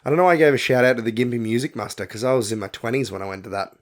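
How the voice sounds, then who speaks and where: A man's voice: medium pitch, racing. Man, thirties, podcast co-host, jokey, rambling, casual. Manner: joking, rambling, self-deprecating. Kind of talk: casual chat.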